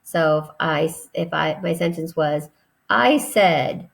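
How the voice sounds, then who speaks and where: A woman teacher giving a recorded grammar lesson to children, patient and deliberate as she spells out each step. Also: deep voice, creaky.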